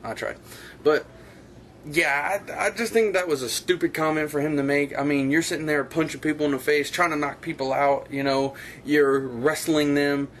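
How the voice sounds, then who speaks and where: A man's voice: on the high side, steady tone, moderate pace, fairly bright tone, slight background noise. A man hosting his own casual opinion vlog, rambling and blunt, with frequent filler phrases. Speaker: online show host.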